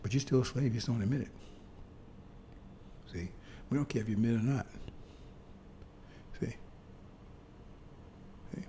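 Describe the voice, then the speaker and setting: A man delivering a sermon in a loose, conversational way, his voice mellow and warm. He keeps checking in with his listeners and restarts his phrases before pressing a point. A faint ambient hum sits behind him. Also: mid-range voice. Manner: conversational, repeats "see?" to the congregation; halting restarts, bursts of emphasis. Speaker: preacher.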